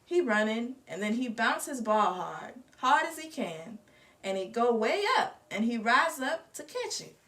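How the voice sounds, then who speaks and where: Woman, storybook read-aloud, expressive, lively, somewhat high voice, distant mic. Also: unhurried. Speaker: reader.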